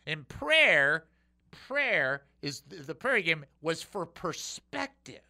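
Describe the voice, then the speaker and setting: A man teaching the Bible on his radio show with emphatic, animated delivery. His pitch swings widely and his tone is bright. He drops to a hush and then surges back up. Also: takes it slowly, vocal fry. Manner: animated, emphatic, swings between loud and hushed. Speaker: radio show host and preacher.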